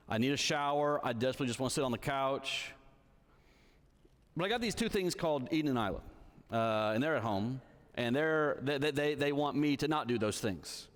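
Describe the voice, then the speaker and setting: A man in his thirties preaches a sermon in a church hall, with a mid-range voice, lively intonation and normal speed. He tells stories conversationally and checks in with his listeners.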